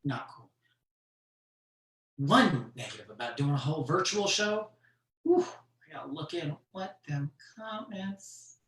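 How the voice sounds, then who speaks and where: A comedian tells stories at an unhurried, drawn-out pace, in a bright, forward voice, and laughs often at the stories. The voice sits back from the mic in a roomy, echoing space, like a home setup for an online show. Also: medium pitch, far from the mic. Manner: slow, animated storytelling with frequent laughs. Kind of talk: stand-up storytelling on a virtual show. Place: room at home for a virtual show. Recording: echoey room, off-mic.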